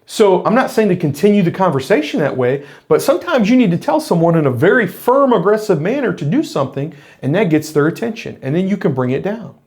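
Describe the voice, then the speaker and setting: A man's voice: sits high, big pitch swings, quick pace, hardly any pauses, a little mellow. A middle-aged man, a former police officer, talking earnestly in a reflective monologue to camera, explaining his points with frequent restarts.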